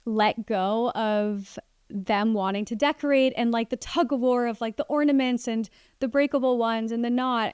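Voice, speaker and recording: A woman's voice: a little high, smooth, no room sound, clean studio sound. A young woman hosting a casual solo podcast, chatting about family life with lots of "like" fillers. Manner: chatty, warm, many "like" fillers. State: pregnant. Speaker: podcast host.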